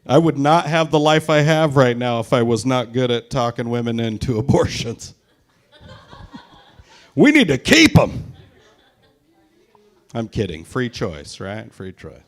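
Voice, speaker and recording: A man's voice: medium pitch, moderate pace, few pauses. A man in his forties from Tacoma, doing a crude, self-mocking stand-up set live at a brewery into a stage mic. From Tacoma, Washington, US. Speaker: stand-up comedian.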